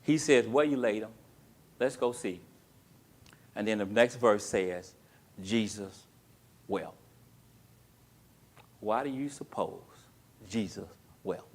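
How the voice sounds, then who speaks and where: A man with a fairly low voice teaches a Bible class, testing students with call-and-response questions. He retells the story in colloquial, animated language.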